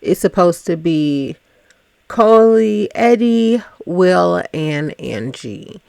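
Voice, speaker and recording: A woman talks through a reality show recap in a gossipy, teasing way. Her voice is gravelly and swings widely in pitch as she takes her time. The sound is dry and close. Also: lively intonation, very slow, darkish tone, no room sound. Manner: chatty, gossipy, teasing asides. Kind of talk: casual recap commentary.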